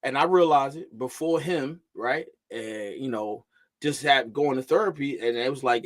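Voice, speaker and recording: Excitable man host, casual chat. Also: mid-range voice, fairly quick, dry recording.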